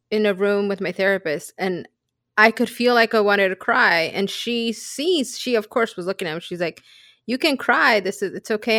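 A woman's voice: medium pitch, a bit bright, no room sound. Woman, podcast co-host, casual chat, candid, reflective, dry close sound. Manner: candid and reflective, shares personal stories.

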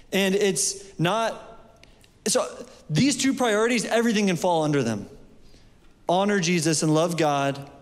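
A man preaching a sermon in a loose, conversational way, full of fillers and restarts, recorded in a church hall. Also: high-pitched.

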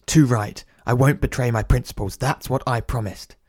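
A man's voice: mid-range voice, steady tone, moderate pace, darkish tone, no echo, clean studio sound, lightly acted. A man playing an agitated, defiant prime minister in an audio drama, indignant and insistent.

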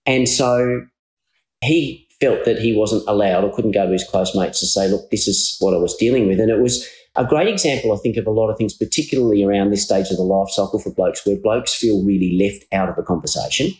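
A man's voice: on the low side, brisk, darkish tone. A man with an Australian accent hosting a podcast interview, talking earnestly and feeling his way through his thoughts. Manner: earnest, searching, many restarts. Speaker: podcast host. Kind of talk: conversational interview. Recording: roomy echo.

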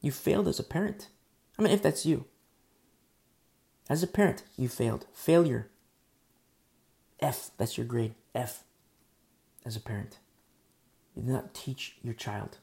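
A man delivers a sermon with a gravelly edge to his voice. He preaches bluntly and emphatically, breaking into conversational asides. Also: medium pitch, a little slow, pauses often, dark tone. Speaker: pastor.

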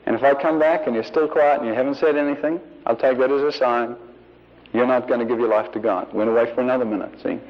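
A man preaching in an anecdotal way, slipping into the voices of the people in his stories. His voice sits at an ordinary middle pitch. The recording is dull and lo-fi, like an old archive tape. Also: fairly even intonation, fast talker. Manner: anecdotal, acts out quoted voices. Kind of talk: sermon storytelling.

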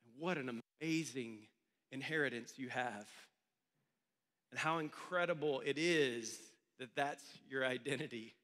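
A man's voice: mid-range voice, a little slow, bright, forceful tone, big-room sound. A male pastor telling a story during a sermon in a church meeting room, in a loose, conversational way.

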